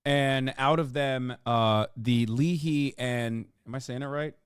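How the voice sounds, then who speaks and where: A man's voice: medium pitch, fairly even intonation, slow pace, smooth, no room sound, studio quality. A man hosting a live reaction stream, talking in a heated, profane, emphatic way. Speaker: streamer host.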